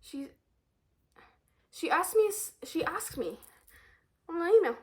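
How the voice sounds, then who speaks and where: A teenage high school girl with a high voice rants to her camera in a storytime vlog. She talks in an exasperated, animated way, repeating lines and swearing as she piles on complaints. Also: slow pace, pauses often. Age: teens. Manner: exasperated, animated ranting with frequent swearing and repetition.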